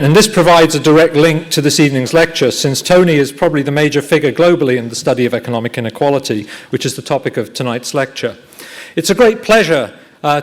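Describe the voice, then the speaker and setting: A man chairing an event in a lecture theatre, giving a formal, measured introduction with frequent "uh" pauses. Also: a little high.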